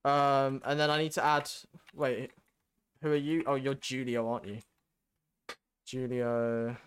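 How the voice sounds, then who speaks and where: A man's voice: medium pitch, flat delivery, unhurried, clean tone. A teenage boy from Britain hosting a casual podcast, bantering and laughing often. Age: teens. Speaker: podcast host. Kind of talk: casual chat.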